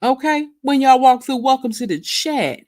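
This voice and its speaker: A woman's voice: sits high, animated, moderate pace, noisy background. A woman hosting a casual livestream chat, greeting viewers by name and stretching her words out. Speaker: livestream host.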